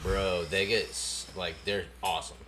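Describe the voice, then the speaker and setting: A man's voice: low-pitched, level tone, moderate pace, fairly bright tone, slight background noise. A man in a casual chat, laid-back, interjecting with laughter.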